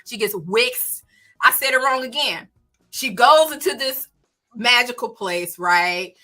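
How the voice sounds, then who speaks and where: A woman with a Southern country accent chatting casually on her book livestream, animated and exclaiming. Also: a little high, unhurried. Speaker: book channel host.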